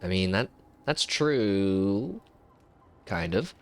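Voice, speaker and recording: A man hosting a let's play, chatting excitably and rambling between game moments. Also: fairly low pitch, slow pace, pauses often. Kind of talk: casual gameplay commentary.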